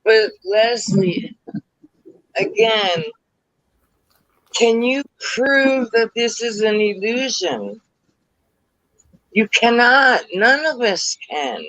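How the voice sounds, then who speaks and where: Very slow, high-voiced man co-host. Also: dry recording, low-quality recording. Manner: calm, mediating, hesitant. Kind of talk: livestream discussion.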